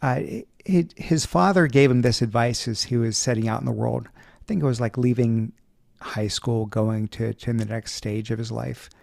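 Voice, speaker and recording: Male podcast host, gravelly mid-pitched voice, calm interviewer. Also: no room sound, studio quality. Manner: measured, attentive questioner. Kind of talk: interview questions.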